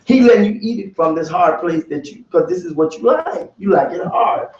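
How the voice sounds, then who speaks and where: High-voiced preacher man, echoey and distant. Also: fairly quick. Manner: animated, colloquial, mimics whiny prayers. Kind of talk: preaching to a bible study group. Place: church room. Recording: echoey, distant, dull church recording.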